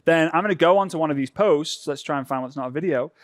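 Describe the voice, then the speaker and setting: A man's voice: fairly high pitch, fast, no room sound, studio quality. A man from Europe co-presenting a live social media workshop, talking loosely with restarts as he demonstrates. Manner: chatty, loose, with many restarts.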